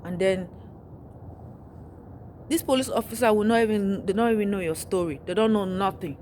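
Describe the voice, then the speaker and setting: Exasperated woman venting to camera, mid-range pitch, faint noise behind. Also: normal speed, a little mellow. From Africa. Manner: exasperated, repetitive, full of rhetorical questions. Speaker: vlogger.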